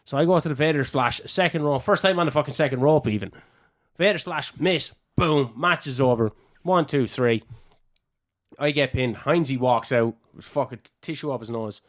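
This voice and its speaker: Young Irish wrestler, podcast guest, loose and profane anecdotes, dry close mic. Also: male voice, medium pitch, normal speed, no echo. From Ireland. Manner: swears freely, animated anecdotes. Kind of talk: casual storytelling.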